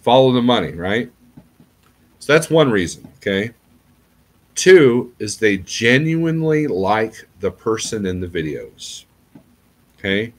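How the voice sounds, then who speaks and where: A middle-aged trucker rambles through a casual YouTube vlog, frequently checking in with "okay?". His fairly low voice is very animated, and he speaks slowly with long pauses.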